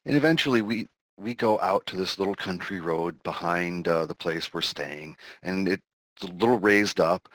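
A man with a very deep voice tells a story in a relaxed, amused, rambling way. The sound is dry and close, with no room behind him. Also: normal speed, dry recording, poor audio. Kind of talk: casual storytelling chat.

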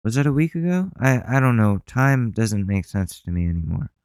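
Blunt, profane, ranting podcast host. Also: male voice, on the low side, big pitch swings, a little fast, darkish tone, clear, resonant tone, no room sound. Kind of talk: solo podcast rant.

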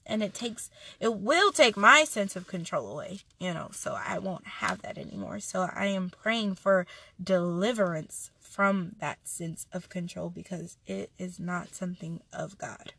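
A woman's voice: lowish voice, measured pace, creaky, sharp tone, breathy edge. A woman giving an earnest, chatty devotional talk and reading scripture aloud, often restarting her sentences. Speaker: devotional speaker.

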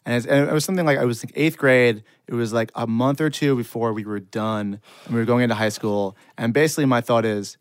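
A man's voice: mid-range voice, fairly even intonation, fast talker, hardly any pauses, dry recording, studio quality. A man telling a long, self-deprecating funny story in casual chat. He rambles and laughs often.

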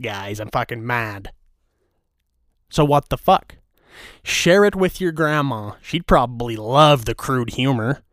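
A man's voice: medium pitch, lively intonation, slow pace, fairly bright tone, dry recording, clean studio sound. A man hosting a casual podcast, ranting in a crude, mock-angry, teasing way. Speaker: podcast host. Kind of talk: crude comedic rant.

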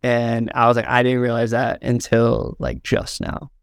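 Young male guest, earnest storyteller, slight fry, dry close recording. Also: mid-range voice, big pitch swings, a little slow, no room sound. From southern Indiana, US. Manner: earnest, fills with "like" and "um", gets choked up. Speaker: interview guest, videographer. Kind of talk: heartfelt storytelling in a podcast interview.

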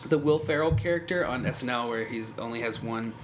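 A man's voice: mid-range voice, fairly quick, slight background noise. A man hosting a film review podcast, joking around and stumbling over restarts. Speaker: podcast host. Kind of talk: casual chat.

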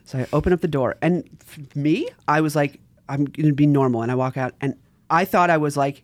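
A man's voice: fairly high pitch, brisk, dry recording. A young man, a podcast guest, telling a story casually, acting out quotes and laughing often. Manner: animated, acts out quoted voices, laughs often.

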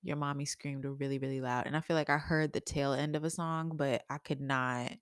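A woman's voice: steady tone, brisk, clean tone, dry recording, clean studio sound. A young woman co-hosting a casual chat, a little stuffy and sniffly, who laughs often. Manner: laughs often, acts out her daughter in a high voice. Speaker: podcast co-host.

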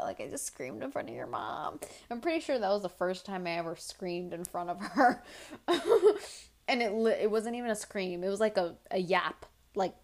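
A woman's voice: medium pitch, normal speed. A young woman hosting her own podcast, telling casual stories full of fillers and restarts. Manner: rambling, animated storytelling with filler words. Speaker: podcast host. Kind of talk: casual solo podcast chat.

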